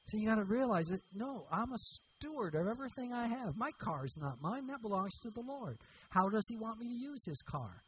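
A man's voice: high-pitched, expressive, normal speed, a little hiss or hum, poor audio. A man preaching a sermon as pastor, emphatic and repeating key words for stress.

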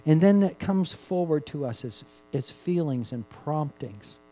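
A man preaching a sermon, rising to loud emphatic peaks and dropping to hushed, drawn-out phrases, repeating key words for emphasis. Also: fairly high pitch, expressive, low-quality recording. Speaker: pastor.

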